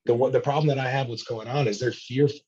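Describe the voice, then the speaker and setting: A male host speaks emphatically in a casual chat, offering encouragement. His voice is husky and slightly breathy. The recording sounds a bit muffled and lo-fi. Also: medium pitch, fairly even intonation, fast, a little mellow.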